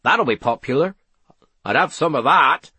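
A man reading aloud, voicing a confident gentleman in an easygoing, assured way. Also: a little high, animated, normal speed, husky, no echo, exaggerated voice. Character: confident man, relishing a challenge.

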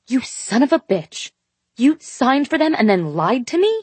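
A woman voicing a furious young woman in an audiobook, yelling and growling through clenched teeth. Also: a little high, very animated, fairly quick, breathy edge, dry recording, pitched above the performer's own voice. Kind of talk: audiobook dialogue.

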